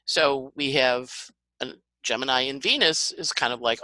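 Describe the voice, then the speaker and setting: A woman astrologer talking as a podcast guest, animated and dramatic, breaking into little acted-out voices and sports comparisons. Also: extremely low pitch, normal speed, no room sound, low-quality recording. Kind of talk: podcast conversation.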